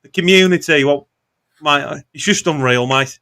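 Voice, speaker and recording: A man hosts a football fan phone-in in an upbeat, easygoing way, dropping "mate" into almost every sentence. His voice sits a little high. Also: moderate pace, pushed and bright. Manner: upbeat, says "mate" constantly. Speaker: phone-in host. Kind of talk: casual phone-in hosting.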